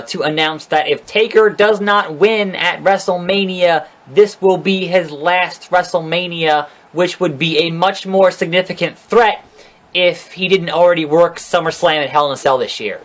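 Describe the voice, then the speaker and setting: A man's voice: on the high side, a little slow, fairly bright tone. Ranting, profane man recapping wrestling. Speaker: wrestling show reviewer. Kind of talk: casual solo recap vlog.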